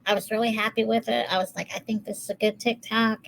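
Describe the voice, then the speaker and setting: A woman's voice: fairly high pitch, steady tone, fast, vocal fry, poor audio. A woman co-hosting a podcast, chatting casually and poking fun at herself. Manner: self-deprecating, laughs easily. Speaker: podcast co-host. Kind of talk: casual chat.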